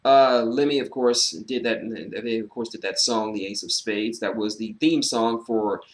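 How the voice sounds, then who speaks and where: A man giving a casual, animated solo review of a wrestling show, sarcastic and swearing freely, with frequent fillers. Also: fairly low pitch, moderate pace.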